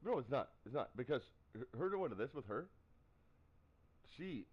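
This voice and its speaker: Animated man telling stories, lo-fi audio. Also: mid-range voice, moderate pace, breathy edge. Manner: animated storytelling, acts out quotes. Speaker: live streamer. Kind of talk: casual chat.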